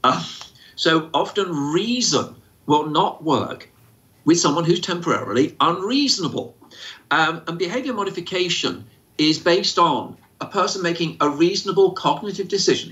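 In slightly dull lo-fi audio, a man with a fairly high, sharp voice and lively intonation takes questions as an autism expert at a moderate pace. He explains things informally, throwing in lots of fillers and performing the voices he quotes.

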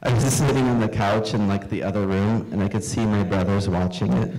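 A man's voice: lowish voice, steady tone, brisk, dark tone, rough recording. A middle-aged man, a cartoonist, reading his own comics aloud with wry, self-deprecating asides.

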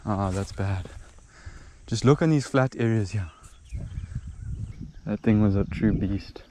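Young man narrating his own fishing trip outdoors, swings from loud exclamations to quiet murmurs, faint outdoor hiss behind him. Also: lowish voice, slow pace. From Zimbabwe. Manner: excitable, exclaims and drops to murmurs. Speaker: angler vlogger. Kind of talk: casual outdoor fishing vlog. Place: outdoors at a small dam. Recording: outdoor recording with faint background noise.

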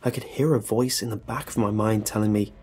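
A man's voice: on the low side, fairly even intonation, fairly quick, a little mellow, husky. A man narrating a comedic horror story in the first person, with dry comic asides. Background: faint music.

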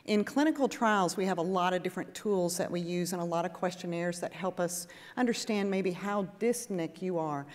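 A woman nurse practitioner giving a lively, conversational lecture to a patient audience and acting out exchanges with patients. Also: medium pitch. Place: conference hall with audience. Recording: echoey hall.

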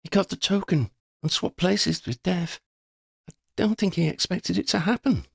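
A man's voice: sits high, normal speed, vocal fry, breathy edge, no room sound, clean studio sound, voice pushed up, full character voice. A man voicing an earnest young woman. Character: Shona, young woman companion.

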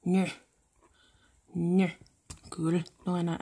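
A young woman vlogging casually, talking to her dog and rambling, swinging from mutters and whispers to sudden loud shouts. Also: medium pitch, moderate pace. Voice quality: husky.

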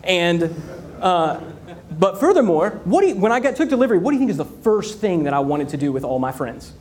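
A man giving an energetic business keynote, telling stories and firing rhetorical questions with lots of repetition. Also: high voice, a little fast. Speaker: conference speaker.

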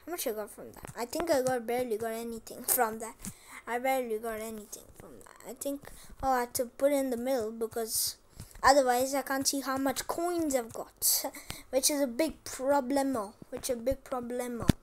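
High-voiced chatty woman playing a game. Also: normal speed, a little hiss or hum. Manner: chatty, repeats herself, trying to speak loudly. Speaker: gameplay commentator. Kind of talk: casual gameplay commentary.

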